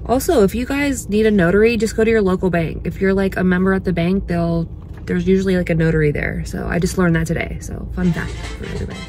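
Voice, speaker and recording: A woman's voice: on the low side, fast talker, darkish tone, soft background music. A woman talking casually to camera in a day-in-my-life vlog, chatty and blunt, swearing freely. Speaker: vlogger.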